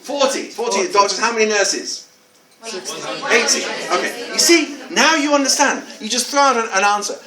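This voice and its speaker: A man's voice: sits high, normal speed, a crowd in the background. A man from England, giving a jokey workshop talk as a teacher trainer and coaxing answers from his audience. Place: large hall with an audience. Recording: echoey hall, voice from a distance.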